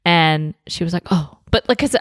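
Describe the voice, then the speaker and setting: Chatty young woman, lowish voice. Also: lively intonation, normal speed, no room sound, clean studio sound. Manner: chatty, laughing, many fillers and swears. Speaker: podcast co-host. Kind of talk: casual chat.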